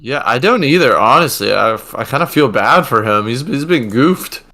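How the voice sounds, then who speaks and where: A man's voice: medium pitch, animated, normal speed, bright, forceful tone. A young man co-hosting a casual podcast, reacting to the story with laughs and amused remarks. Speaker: podcast co-host. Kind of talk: casual chat.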